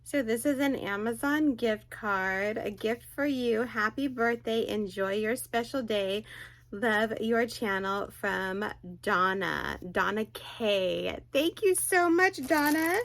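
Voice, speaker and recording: A woman's voice: medium pitch, slow pace, fairly bright tone. A middle-aged woman hosting a crochet channel, chatting casually as she unboxes gifts at home, gasping and gushing with delight. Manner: gushing, gasps and squeals with delight. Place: home craft room.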